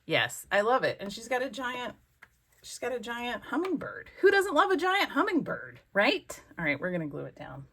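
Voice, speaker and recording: A woman's voice: a little high, wildly swooping pitch, moderate pace, bright, forceful tone, husky. A woman hosting a crafting vlog, chatting casually and talking to herself as she works. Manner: chatty, exclamatory, talks to herself while working. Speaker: crafting channel host.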